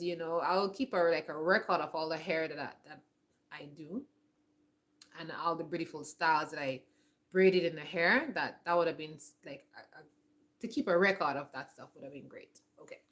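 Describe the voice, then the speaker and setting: A woman in her forties speaks in a low-pitched voice during a casual, reflective vlog. She rambles a little, often stops to restart her sentences and fills the gaps with loose, everyday words. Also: moderate pace. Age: 40s. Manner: rambling, with many restarts and "like" fillers. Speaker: homestead vlogger.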